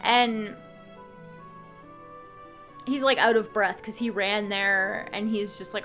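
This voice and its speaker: A woman's voice: mid-range voice, fairly even intonation, slow, long pauses, a bit bright, faint music behind. A woman casually retelling a game's story as a channel host, chatty and full of fillers and restarts. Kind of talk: casual game story recap.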